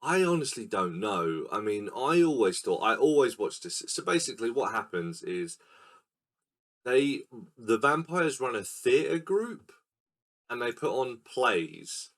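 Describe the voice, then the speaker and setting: A man's voice: medium pitch, big pitch swings, unhurried. A man co-hosting a casual film podcast, explaining scenes and acting them out in silly voices. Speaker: podcast co-host. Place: recording room.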